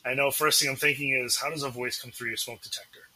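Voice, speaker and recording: A man's voice: mid-range voice, fairly even intonation, fast, background noise. A man with a Massachusetts accent, a paranormal investigator, telling a story and acting out the dialogue as a podcast guest.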